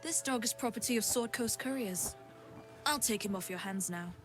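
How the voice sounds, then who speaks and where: A woman's voice: fairly high pitch, normal speed, over music, close to an everyday voice. A woman voicing a harsh, possessive courier who owns a dog, in video game dialogue, curt and domineering.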